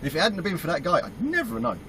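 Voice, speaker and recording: A British man, a truck driver, telling a story about his work in a casual, animated way and acting out his own reactions. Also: high-pitched, racing, creaky, a little hiss or hum, poor audio. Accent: British English. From United Kingdom.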